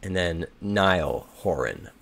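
Slow, gravelly man muttering through a puzzle. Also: low voice, expressive, fairly bright tone. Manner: muttering, hesitant, reads clues aloud and second-guesses. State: slightly hoarse. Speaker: crossword solver. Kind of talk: thinking aloud while solving.

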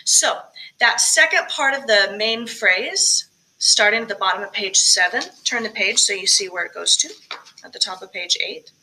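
Her tone is sharp, her pitch medium, and her pace moderate, though the audio is poor. Recording alone for a virtual choir, she explains diction and breathing and sings short demonstration phrases between her tips.

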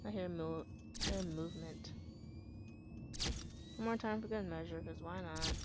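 A woman's voice: fairly low pitch, moderate pace, heavy background noise. A woman hosting a let's play, talking in an exasperated, slangy way full of swearing. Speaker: gaming channel host.

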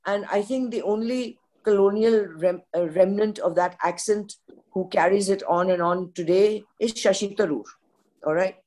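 A woman's voice: medium pitch, normal speed, dark tone. An older woman with an Indian English accent, a veteran news journalist speaking frankly on a podcast panel. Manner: forthright, opinionated storyteller.

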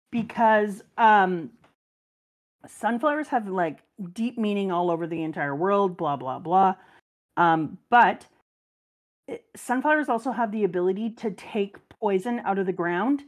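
A middle-aged woman reading a comic aloud to her child and chatting about it with enthusiastic, animated storytelling. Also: medium pitch. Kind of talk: casual read-aloud and chat.

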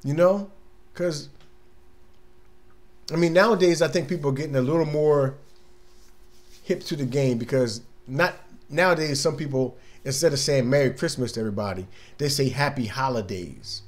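A man's voice: mid-range voice, normal speed, pauses often. A man hosting a casual radio talk monologue, laid-back and chatty, often laughing and acting out little scenes from his day. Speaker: radio show host.

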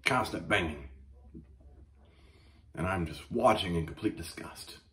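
A man hosting a comedy show, ranting crudely and profanely with mock outrage and animated storytelling. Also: low-pitched, unhurried. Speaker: comedy podcast host. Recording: echoey room.

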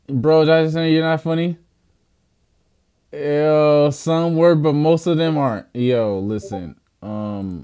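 A man's voice: on the high side, a little slow, a little mellow, smooth. A young man streaming live, laid-back and slangy, cursing often.

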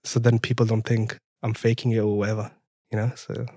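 A young man from France, French-accented, tells his story on a podcast in a casual interview style, laughing often and lively in how he re-enacts dialogue. His voice sits on the low side, fairly quick, monotone and dark. Dry, clean studio sound.

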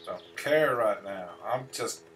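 A man's voice: lowish voice, expressive, slow, fairly bright tone, recorded from a distance, slight background noise. A man giving casual gameplay commentary, grumbling and swearing to himself as he plays. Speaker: gameplay streamer.

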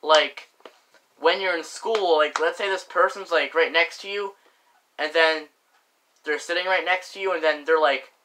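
A young man vents on camera in a slow, drawn-out way, leaning on filler words and mild curses. His voice is bright and a little tense, and his tone stays indignant and complaining throughout. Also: on the high side, poor audio. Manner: indignant, repeats "frickin'" and "like" often, lots of filler. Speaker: vlogger. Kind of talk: casual ranting monologue.

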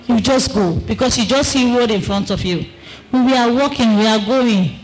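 A woman giving an emotional religious testimony. She speaks dramatically and emphatically, repeating phrases, breaking into shouts, and using non-standard English grammar. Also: a little high, moderate pace, poor audio.

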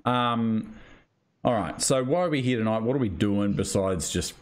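A man's voice: on the low side, normal speed. A man hosting a casual weight-loss podcast chat, laughing often and swearing casually. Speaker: podcast host.

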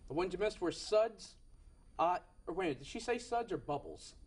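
A man's voice: high voice, lively intonation, moderate pace, a little mellow, slightly rough. A young man hosting a game show in a TV studio, with upbeat patter and frequent self-corrections.

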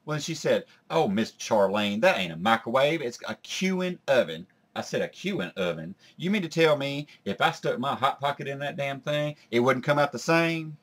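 A crass woman, voiced by a man in his plain, mid-pitched voice spins crude workplace gossip. She drawls out her comedy-sketch stories with no filter at all. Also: expressive, normal speed, hardly any pauses, fairly bright tone. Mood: gossipy.

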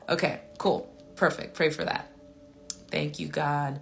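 Low-voiced woman praying on a live stream, earnest, keeps circling back with "and so, lord", lots of ums, faint music underneath. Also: unhurried, vocal fry. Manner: earnest, repeated appeals and declarations, loose with fillers. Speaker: minister leading a live prayer stream. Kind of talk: spontaneous spoken prayer and chat with viewers.

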